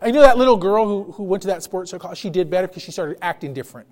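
A man's voice: high voice, animated, very fast, a little mellow. A man pastor preaching a sermon in a church service, emphatic, with repeated phrases and call-and-response.

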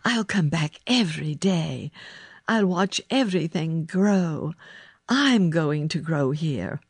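A woman's voice: low-pitched, lively intonation, takes it slowly, slightly rough, dry recording, heavily acted. A woman reading a storybook voices a frail, hopeful young boy who cries out in wonder.

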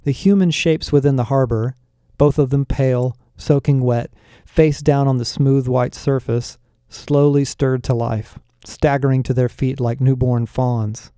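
A man narrating a first-person audiobook with an even storytelling delivery. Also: medium pitch, unhurried, clean tone, no echo, clean studio sound.

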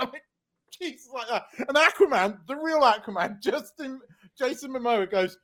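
Guy cohosting a podcast, kinda high voice, laughs a lot telling stories. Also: a little fast. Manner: animated, laughing storyteller. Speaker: podcast co-host. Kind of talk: casual chat.

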